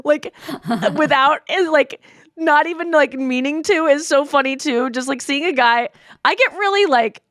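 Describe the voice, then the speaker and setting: With a high voice at a moderate pace, this podcast host, a woman in her thirties, chats casually and tells lively stories. She reads texts aloud and keeps breaking into giggles, captured in clean studio quality with no room sound.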